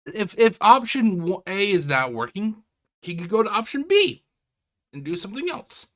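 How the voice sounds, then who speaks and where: Rambling sarcastic man, lively pitch. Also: moderate pace. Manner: sarcastic, rambling, self-interrupting. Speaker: react channel host. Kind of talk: casual commentary. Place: home, indoors.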